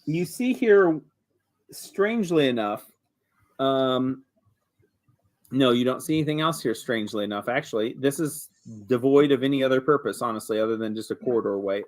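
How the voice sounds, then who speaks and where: A man running a tabletop game as game master, talking in a relaxed, hesitant way full of ums. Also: mid-range voice, moderate pace, long pauses.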